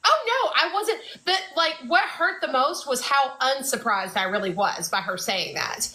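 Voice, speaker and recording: A woman's voice: sits high, expressive, moderate pace, pushed and bright, poor audio. A woman co-hosting a casual fan podcast, talking in a chatty way with lots of fillers. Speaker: podcast co-host.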